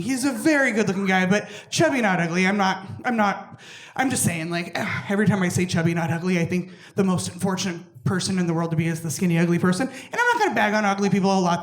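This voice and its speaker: A young adult woman works through a stand-up set, loud and profane, with a middle-pitched voice. She jumps up high whenever she acts out other people. The sound carries the roomy echo of a club. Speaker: stand-up comedian. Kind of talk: stand-up routine. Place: comedy club stage with laughing audience.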